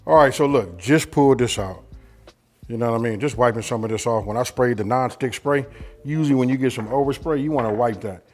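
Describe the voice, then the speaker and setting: A man's voice: mid-range voice, a little fast, a little mellow. A man hosting a home cooking channel, talking through a recipe in a folksy, chatty way and often asking "you know what I mean?". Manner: eats while talking at times. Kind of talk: casual cooking demonstration. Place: home kitchen.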